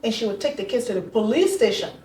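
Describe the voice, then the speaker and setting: A woman's voice: on the high side, fast talker. Woman telling her story in an echoey room. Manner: animated, acts out quoted voices. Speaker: interview guest. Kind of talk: emotional personal storytelling. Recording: echoey room, far from mic.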